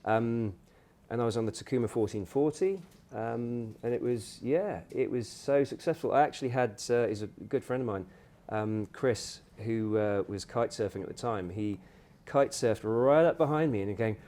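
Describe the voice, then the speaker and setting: Guy guesting on a podcast, animated storyteller, does the voices when he quotes people. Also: moderate pace, few pauses. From United Kingdom. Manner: animated storyteller, acts out quoted exchanges with jumps in pitch. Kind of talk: casual podcast interview.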